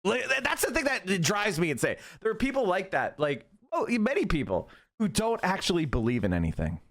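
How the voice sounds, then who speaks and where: A man's voice: high voice, wildly swooping pitch, fairly quick, fairly bright tone. A man in his thirties hosting a stream, ranting through heated, profane political commentary. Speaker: streamer host.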